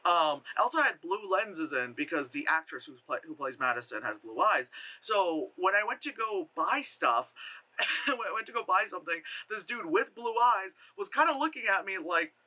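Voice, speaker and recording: A man with a high, bright, cutting voice tells stories as a casual vlogger. His pitch swoops all over the place. He is animated and laughs often, and he swears freely. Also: moderate pace. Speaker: vlogger and cosplayer. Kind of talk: casual storytelling vlog.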